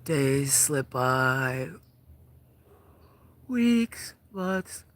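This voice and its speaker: A man hosting a casual livestream outdoors at a farm, talking in a soft, hesitant way with lots of fillers. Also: mid-range voice, expressive. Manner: slow, soft-spoken, hesitant with many fillers. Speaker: livestream host.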